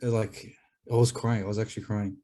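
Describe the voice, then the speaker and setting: A man's voice: on the low side, little pitch movement, normal speed, dark tone. A man on a video call, telling a rambling comic story in casual chat and acting out both sides of the dialogue. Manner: rambling, laughing storyteller who acts out dialogue. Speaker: podcast regular, storyteller.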